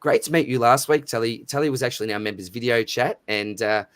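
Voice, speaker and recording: A man's voice: medium pitch, fast, fairly bright tone, clean tone, no room sound. A man with an Australian accent hosting a live stream in casual chat, matey and chatty as he reads out viewer names. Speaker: livestream host.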